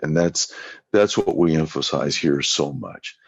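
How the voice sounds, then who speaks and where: The evangelist's voice is extremely low, gravelly and breathy-edged, expressive and a little slow. He tells folksy anecdotes as a podcast guest, performing the quoted lines himself. The recording is dry and dull, lo-fi.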